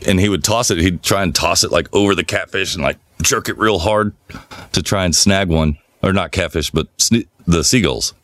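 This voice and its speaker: A man with a very low voice co-hosts a casual podcast. He spins long, loose stories and swears freely. The sound is dry and close to the mic. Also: normal speed, no echo. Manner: relaxed rambling storyteller, swears freely. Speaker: podcast co-host. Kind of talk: casual chat, storytelling.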